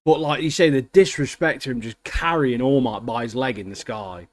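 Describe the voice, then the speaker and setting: A man, co-hosting a podcast in excitable, slangy casual chat. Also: mid-range voice, moderate pace. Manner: excitable, slangy, keeps saying mate. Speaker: podcast co-host.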